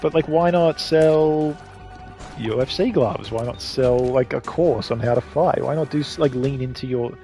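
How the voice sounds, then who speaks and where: An Australian man, a gaming streamer, chats casually while he plays, drifting from one point to the next and swearing freely. His mid-range voice is mellow and moves at a moderate pace, with faint music in the background.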